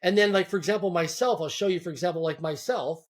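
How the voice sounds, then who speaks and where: High-voiced man giving emphatic advice. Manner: emphatic, repeats words and restarts, lists in quick series. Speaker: guest entrepreneur. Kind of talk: podcast interview, motivational advice.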